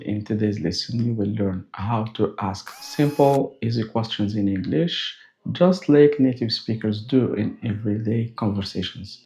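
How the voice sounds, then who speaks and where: A male English teacher speaks at a very slow, deliberate pace, patiently modeling short questions and lifting his voice at the end of each one. His tone is mellow and warm. The recording sounds a little dull and lo-fi. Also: mid-range voice. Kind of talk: scripted lesson narration.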